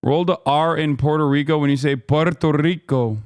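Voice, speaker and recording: A man in his thirties streaming reaction commentary, animated and joking as he reads from his chat, on a close desk mic. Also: fairly high pitch, moderate pace, no room sound.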